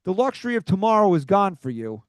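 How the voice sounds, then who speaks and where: Fan-show host, male, higher voice, heated rant, dry and close. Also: sing-song, fast talker, no room sound. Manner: agitated, ranting, swears. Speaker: podcast host. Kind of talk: sports talk podcast.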